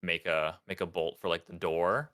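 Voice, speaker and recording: A man's voice: sits low, fairly even intonation, moderate pace, fairly bright tone. A man narrating as dungeon master for a tabletop game, hesitant and full of ums. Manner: hesitant, lots of ums, voices characters in passing.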